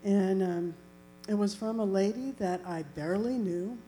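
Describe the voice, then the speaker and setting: A woman's voice: medium pitch, moderate pace, dark tone, low-quality recording. A woman earnestly sharing a personal faith testimony in a reflective way. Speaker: church member giving a testimony. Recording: faint electrical hum.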